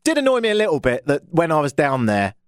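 A man's voice: a little high, wildly swooping pitch, fast, no echo, studio quality. A young British man hosting a radio show, chatting casually and jokily straight to his listeners. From Britain. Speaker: radio host.

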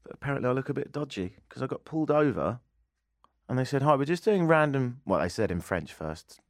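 An English radio host from England speaks briskly and very animatedly in a mid-range voice. In casual radio chat he trades joking, self-mocking banter, captured on a studio microphone in a radio studio with clean studio sound and no echo.

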